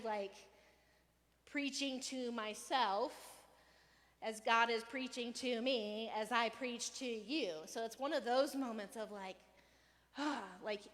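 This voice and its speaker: A woman pastor giving a casual, conversational sermon, animated and playful, sometimes raising her voice to act out a rant. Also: on the high side, in a large hall. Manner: conversational, animated, acts out rants with raised voice. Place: church hall.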